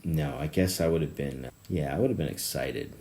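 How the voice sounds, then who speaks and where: A man hosting a solo podcast, rambling through tangents with lots of swearing and laughter, jumping between low mutters and loud bursts. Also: moderate pace, slight background noise. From South Florida. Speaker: podcast host.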